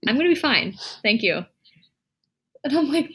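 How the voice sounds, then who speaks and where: A woman's voice: high-pitched, normal speed, long pauses, husky. Young woman co-hosting a chatty podcast, from michigan, acts out the people in her stories. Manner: chatty, animated storyteller who acts out quotes. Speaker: podcast co-host. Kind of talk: casual chat.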